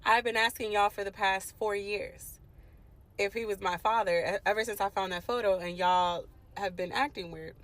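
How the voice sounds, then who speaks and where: A woman's voice: mid-range voice, steady tone, moderate pace, a bit bright, rough recording. A woman in her late twenties from the Washington DC area, telling a personal story to her viewers in an emphatic, indignant way. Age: late 20s. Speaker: vlogger. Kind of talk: storytime vlog, talking to viewers.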